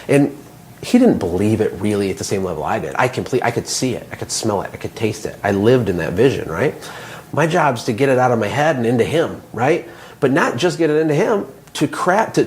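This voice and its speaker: A man, a small business owner and coach, talking in a casual interview with animated, motivational storytelling. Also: on the low side, fast talker, slight background noise.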